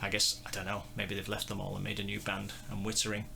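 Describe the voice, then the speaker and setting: A man hosts a casual music review, rambling and poking fun at himself. His voice sits a little low with a gravelly fry. The tone stays bright and forward. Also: completely flat delivery, fast talker, slight background noise. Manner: rambling, self-deprecating, chuckling. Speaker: host.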